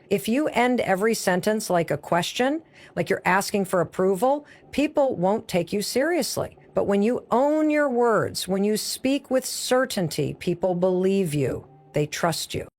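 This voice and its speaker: A woman delivering a motivational speech as a speaker, coaching the listener in short, emphatic, punchy phrases. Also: medium pitch.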